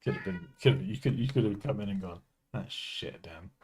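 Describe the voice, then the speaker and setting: A streamer who also tutors design chats casually from his home desk during a live stream, joking, poking fun at himself, and laughing often. His voice is fairly low, quick, and a little mellow, with a bit of hiss or hum.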